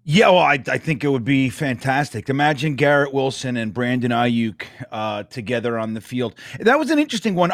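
A man co-hosting a casual sports podcast, rambling and excitable with lots of fillers. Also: fairly high pitch, no echo, clean studio sound. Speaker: podcast co-host.

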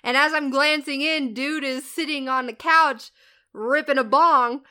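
Chatty woman, bright and high. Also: fairly even intonation, measured pace. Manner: chatty storyteller, swears freely, laughs often. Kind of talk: casual chat.

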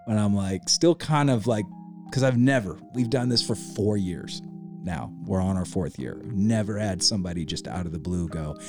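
A man hosting a podcast, telling a story in a laid-back, slangy way with lively energy. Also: on the low side, normal speed, over music. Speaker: podcast host. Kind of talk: casual storytelling.

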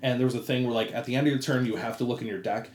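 A man's voice: mid-range voice, steady tone, racing. Man, casual podcast chat, rambling stories, roomy echo. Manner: rambling storyteller, trails off quietly. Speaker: podcast co-host.

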